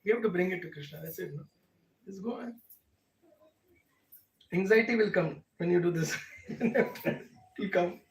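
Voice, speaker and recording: Indian guy teaching a devotional class, fairly high voice, pushy rhetorical questions, echoey room, mic far off. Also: a little slow, pauses often, a little hiss or hum. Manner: emphatic, rhetorical questions, laughs often.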